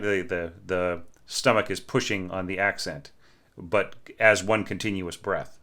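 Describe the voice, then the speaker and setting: A man with a somewhat low voice and a bright, forward tone gives a relaxed orchestration lesson. He talks casually over a score, sings snippets of the music, and keeps asking his listeners "right?". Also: moderate pace. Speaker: orchestration teacher.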